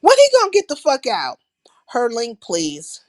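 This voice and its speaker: A woman with a slightly higher voice hosting a casual live stream. She talks loosely and profanely, rambling and calling out to her viewers. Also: big pitch swings, a little slow. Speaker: livestream host.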